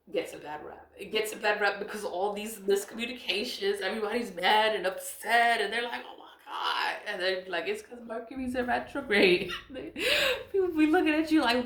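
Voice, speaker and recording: Woman, low-pitched, chatty and repetitive, laughs often, echoey room. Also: fairly bright tone. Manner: chatty and rambling, repeats herself, laughs often. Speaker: spiritual vlogger. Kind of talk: casual chat reading out questions. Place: indoor room at a laptop.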